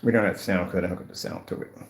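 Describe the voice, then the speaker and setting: With a deep voice and fairly even intonation, a man talks very fast while casually demonstrating his projector screen paint. In a home room with a projector and gray wall, he delivers an emphatic, rambling sales pitch, recorded with roomy echo.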